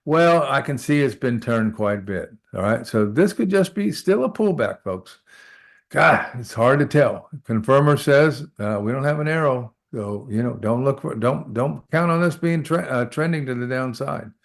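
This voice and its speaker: Man, trading instructor, live screen-share lesson, gravelly voice, repeats phrases as he works. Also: medium pitch, lively intonation, moderate pace. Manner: talks through charts aloud, repeats "all right?" to check in; repeats short phrases while working.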